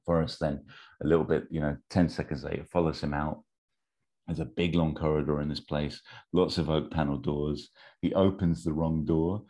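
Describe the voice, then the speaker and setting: In casual chat, a storyteller with a dark-toned bass voice retells an invented movie plot at normal speed and with fairly even intonation, rambling along with plenty of ums and amused side comments.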